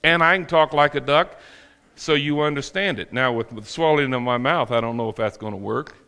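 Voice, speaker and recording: A man's voice: medium pitch, brisk, pushed and bright, clean tone, long reverb tail. A male preacher giving a sermon with folksy, humorous storytelling. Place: church sanctuary.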